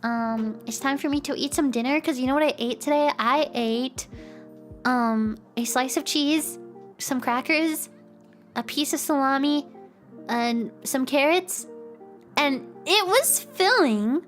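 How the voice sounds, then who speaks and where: A woman's voice: sits high, measured pace, faint music behind. A young woman hosting a casual livestream chat, bubbly and giggly, with a playful way of talking. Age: young adult. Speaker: streamer host.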